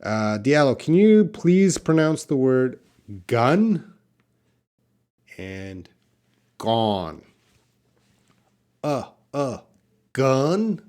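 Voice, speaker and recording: A man teaching English pronunciation in a live online class, drawing out words slowly and answering questions from the chat. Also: mid-range voice, very animated, darkish tone, clear, resonant tone. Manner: slow, drawn-out word repetition for learners.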